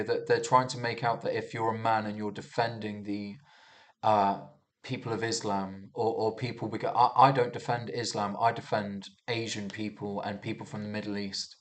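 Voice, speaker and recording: Casually working through news headlines, a young male vlogger swears, muses aloud, and restarts a lot. His voice is lowish and level in tone, delivered at a normal speed.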